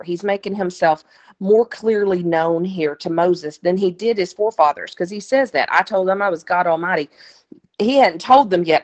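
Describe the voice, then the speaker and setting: A woman's voice: fairly low pitch, lo-fi sound. A woman teaching a Bible study, reading scripture aloud and explaining it in a plain, conversational way with asides to her listeners.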